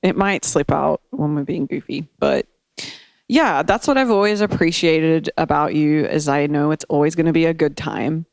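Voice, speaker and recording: A young Australian woman with an Australian accent, a guest in a casual chat, bubbly and quick to laugh, with lots of "like". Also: sits low, creaky, dry recording. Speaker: guest, artist developer. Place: home set.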